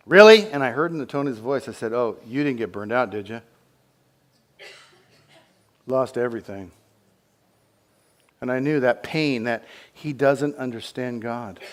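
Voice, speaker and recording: A middle-aged man preaching a sermon as pastor, with emphatic repeated phrases, swinging from loud passion to hushed intensity. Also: mid-range voice.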